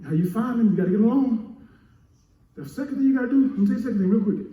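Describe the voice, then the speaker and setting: A man preaching a sermon as pastor, building up to shouts and calling for answers from the congregation. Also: very high voice, rapid-fire, a little hiss or hum. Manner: preaching with rising shouts and call-and-response. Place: church sanctuary. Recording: echoey church, mic heard from a distance.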